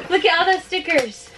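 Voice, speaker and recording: A woman's voice: extremely high pitch, bright, forceful tone. A woman vlogging at home who chats in a gushing, emotional way, full of "like" fillers, while opening packages with her toddler. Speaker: family vlogger. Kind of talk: casual vlog chat with a toddler.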